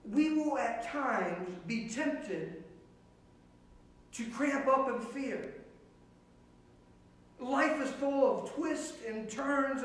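A man's voice: very high voice, heavy reverb, distant mic, rough recording. A man preaching a sermon as pastor, earnest and emphatic, repeating key phrases.

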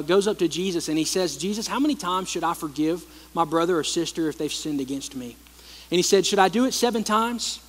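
A man with a fairly high voice preaches to his congregation, retelling a parable in a loose, conversational way and circling back over his phrases. His voice rings with the long reverb of a church hall. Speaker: pastor. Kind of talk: sermon.

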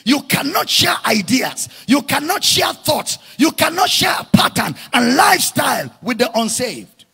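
A man preaching a sermon with a very raspy, gravelly voice, often breaking into shouts. His pitch sits high and swings widely from phrase to phrase. He draws words out slowly for emphasis, and his tone is bright and forceful. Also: very animated, soft background music. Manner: impassioned preaching with frequent shouted lines. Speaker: pastor.

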